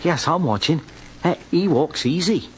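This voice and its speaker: A man's voice: fairly high pitch, lively intonation, natural voice. A man playing a folksy down-and-out drifter. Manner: folksy, slow-spoken, self-pitying. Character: poor down-on-luck male drifter narrator. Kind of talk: old-time radio drama. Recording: hissy old radio recording.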